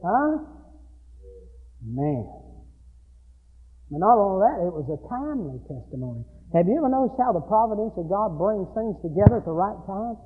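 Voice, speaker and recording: A man preaching. He swings from loud, shouted passages down to hushed asides. His voice sits very high and comes through a thin, phone-like recording. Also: big pitch swings, normal speed, pauses often, breathy edge. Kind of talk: sermon. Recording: tinny phone-like sound with long hall echo.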